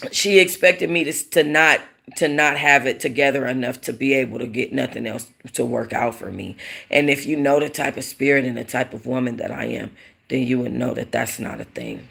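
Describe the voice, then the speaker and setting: A woman's voice: extremely low pitch, animated, moderate pace, gravelly, fairly bright tone, slightly rough. A woman hosting a casual livestream, talking bluntly to her chat, rambling and swearing freely. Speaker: livestream host.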